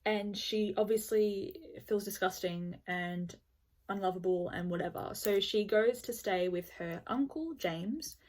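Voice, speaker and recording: Woman, casual book review vlog, blunt, exasperated, lots of "like", mid pitch. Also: a little slow, darkish tone. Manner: blunt, exasperated, peppered with "like" and swearing.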